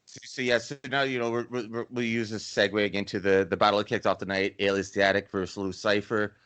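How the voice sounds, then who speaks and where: A man's voice: on the low side, little pitch movement, a little fast, a bit bright, clear, resonant tone. A man co-hosting a casual podcast recap, talking emphatically and swearing freely. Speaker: podcast co-host. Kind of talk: casual chat.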